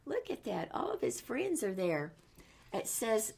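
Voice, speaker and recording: A woman reading a picture book aloud to children in an animated way, exclaiming and asking them questions. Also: mid-range voice, a little slow, creaky. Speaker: storyteller.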